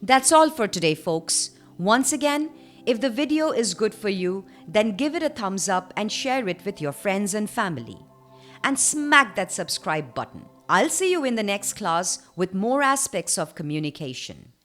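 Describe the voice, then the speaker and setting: A woman presenting a scripted online lesson as a trainer, with a clear, measured teaching delivery. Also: medium pitch, very animated, a bit bright, soft background music.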